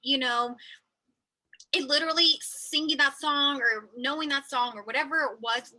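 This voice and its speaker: A woman's voice: high-pitched, poor audio. A woman podcast host reflecting in casual chat, repeating her points with emphasis. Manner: warmly reflective, emphatic repetition.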